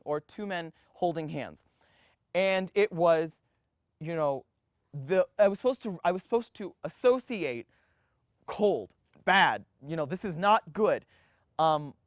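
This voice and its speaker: A young man in his twenties recounts his past in an interview, his voice fairly high for a man. He tells it in an animated way, often restarting his sentences and briefly acting out other people's voices. The sound is dry and close, with no room around it. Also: no room sound. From United States. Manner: animated, acts out quoted voices, frequent restarts. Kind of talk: personal storytelling interview.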